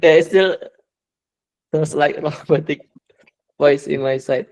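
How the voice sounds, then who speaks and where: A man moderating an online work meeting, talking slowly with many hesitant fillers over a video call. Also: on the high side, a little mellow, poor audio.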